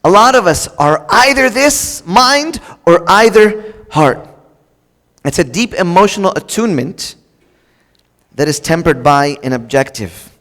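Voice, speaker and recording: A man's voice: sits high, lively intonation, unhurried, a bit bright. A man giving a conversational, joking sermon, speaking straight to the congregation with casual fillers and restarts. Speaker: preacher. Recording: long reverb of a large hall.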